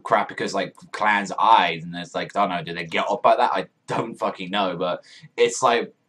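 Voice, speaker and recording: A young man giving casual reaction commentary on a manga chapter, excitable and profane, rambling with lots of fillers. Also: deep voice, moderate pace.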